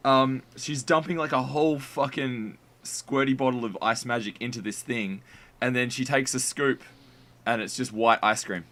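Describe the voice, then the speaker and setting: A man co-hosting a comedy podcast, animated and swearing constantly as he rants. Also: mid-range voice, normal speed. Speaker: podcast co-host. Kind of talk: casual comedy podcast chat.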